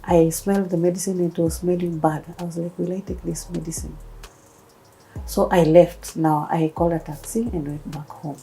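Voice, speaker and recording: A Kenyan woman in her thirties tells her own story as an interview guest. Her voice sits a little low and mellow, and she brings the people in her story to life as she tells it. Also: moderate pace, soft background music, rough recording. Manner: animated storytelling, acting out quoted voices. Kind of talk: personal testimony interview.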